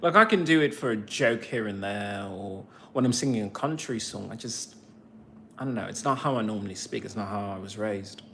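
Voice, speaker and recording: A man's voice: lowish voice, brisk, gravelly, a bit bright, slight background noise. A man with an English accent, born in the United States, chatting casually with his viewers and teasing them with sarcastic asides. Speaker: streamer talking to his viewers. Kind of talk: casual chat, replying to viewers.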